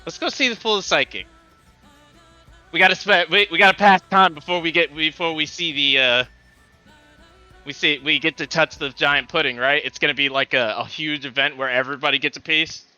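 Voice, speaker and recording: A man playing a tabletop role-playing game, describing his character's actions in halting, restarting speech. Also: fairly high pitch, fairly even intonation, bright, forceful tone, dull audio, faint music behind. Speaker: player. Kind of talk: casual play chat.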